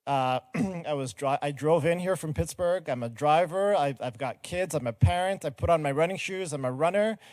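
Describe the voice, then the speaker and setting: A man's voice: a little high, moderate pace, hardly any pauses, darkish tone, dry recording. A middle-aged man giving an earnest, explanatory talk from a conference stage and engaging the audience directly. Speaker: conference speaker.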